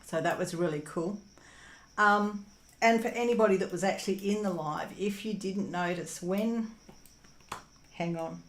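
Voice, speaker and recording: A woman's voice: lowish voice, measured pace, pauses often. Chatty Australian woman in an echoey room. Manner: chatty, rambling, with frequent ums and laughs. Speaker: crafting channel host. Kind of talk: casual chat reading viewer comments. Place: home room while diamond painting.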